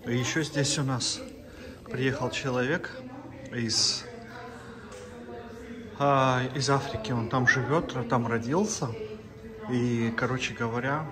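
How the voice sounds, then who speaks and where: A man's voice: medium pitch, steady tone, a little slow, pauses often, crowd noise. A man narrating a travel vlog in a loose, casual way, with filler sounds. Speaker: travel vlogger.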